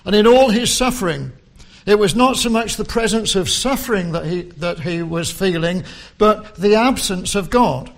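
A man preaching a sermon, slow and deliberate, quoting scripture with rising emphasis. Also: high-pitched.

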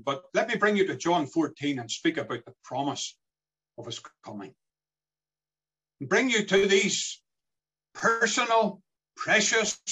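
A man's voice: sits high, pushed and bright, breathy edge, poor audio. A man preaching a sermon in an earnest way, his voice rising and falling as he quotes scripture.

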